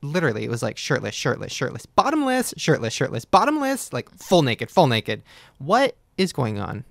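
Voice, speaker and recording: A young man in his twenties hosting a comedic casual chat, teasing guests with quick jokes. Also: mid-range voice, animated, gravelly, no room sound, studio quality. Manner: joking, teasing, quick asides. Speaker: podcast host.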